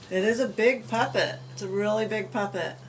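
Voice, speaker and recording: There's a little hiss or hum under her mid-range voice as the woman, an adult parent, shows her puppets in a home room crowded with collectibles. She chats casually and brightly, rambling with fillers.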